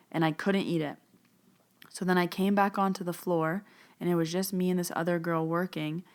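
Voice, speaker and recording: A woman hosting a podcast, telling a personal story in a chatty way and replaying her own dialogue. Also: on the low side. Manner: chatty, retells dialogue, repeats phrases. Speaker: podcast host, medium.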